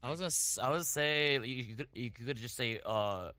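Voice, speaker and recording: A man playing a defense lawyer in a role-play court, cross-examining a witness in halting phrasing with many restarts and repeated questions. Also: mid-range voice, sharp tone.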